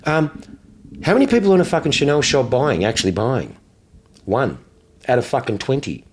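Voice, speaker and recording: An Australian man in the car trade telling stories in loose chat. He is blunt and profane, and his pitch rises and falls a lot as he tells them. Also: normal speed, breathy edge. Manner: blunt, profane, animated anecdotes. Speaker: car dealer. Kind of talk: casual chat, storytelling.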